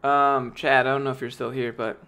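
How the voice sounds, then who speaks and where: A man's voice: medium pitch, level tone, a little fast, pushed and bright, clean tone. A young man chatting casually on a live stream, answering chat with rambling, jokey, profane talk.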